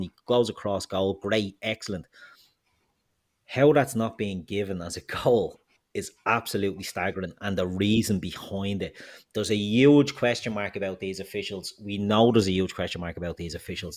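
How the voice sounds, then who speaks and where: A man co-hosting a football podcast, ranting heatedly and swearing freely. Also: fairly low pitch. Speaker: podcast co-host.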